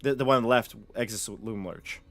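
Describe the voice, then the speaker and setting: A man's voice: medium pitch, fast talker. Man narrating as dungeon master. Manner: descriptive, reads room descriptions aloud. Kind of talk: narrating a tabletop game.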